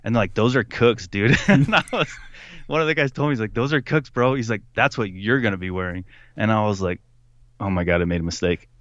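A young man telling a story in casual conversation, animated, putting on voices for the people he quotes and laughing often. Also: mid-range voice, fairly quick, no echo, lo-fi sound. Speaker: podcast guest.

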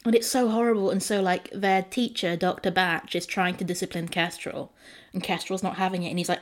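A woman's voice: fairly low pitch, steady tone, moderate pace. A woman in a casual book discussion, talking in a thoughtful, emphatic way.

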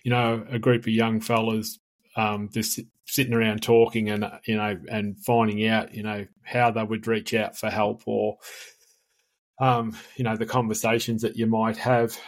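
A man hosting a podcast, asking a guest questions in a relaxed way with filler phrases. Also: on the low side, moderate pace. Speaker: podcast host. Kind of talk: interview questions.

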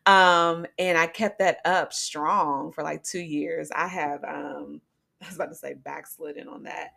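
A young woman with a low, gravelly voice hosts a faith-based podcast. She speaks earnestly and casually, with plenty of ums and restarts. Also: steady tone, measured pace, sharp tone. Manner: earnest, conversational, frequent fillers. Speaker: podcast host.

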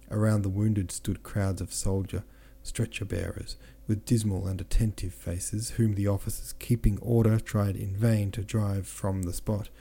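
Man narrating a novel aloud, low voice, very dark tone, steady reading with small self-corrections. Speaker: audiobook narrator and podcast host.

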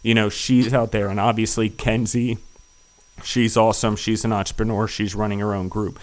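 Middle-aged male podcast host, deep and resonant, enthusiastic and rambling, voice wearing thin. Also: little pitch movement, moderate pace, darkish tone. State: losing his voice. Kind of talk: casual interview chat.

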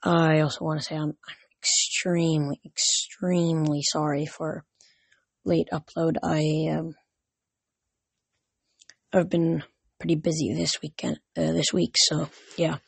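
A man's voice: fairly high pitch, little pitch movement, a little slow, gravelly, pauses often, slightly rough, dry recording. A young man reading a storybook chapter aloud, plain and a little hesitant, with small restarts. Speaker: reader. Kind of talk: amateur audiobook reading.

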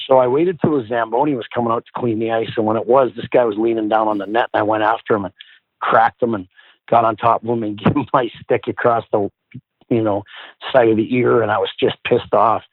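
Lower-voiced man telling stories over a phone-like line. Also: a little fast, no room sound. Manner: animated, profane, acts out quoted people. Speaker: guest, former hockey player. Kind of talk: casual storytelling.

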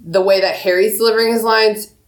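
A woman who works as a book editor, talking thoughtfully and in a measured way in a casual podcast chat. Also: medium pitch, fairly even intonation. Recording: roomy echo.

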